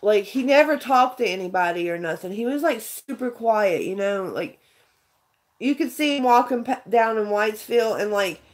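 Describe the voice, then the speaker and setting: A woman's voice: a little high, animated, normal speed. A woman telling a story in a casual livestream chat, rambling and earnest, with frequent restarts. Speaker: vlogger chatting with viewers.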